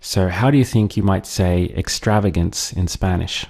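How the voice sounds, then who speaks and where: A man teaching a language lesson, patiently drilling words and pausing for the listener to repeat them. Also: sits low, darkish tone. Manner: slow, patient, drills words and pauses for repetition.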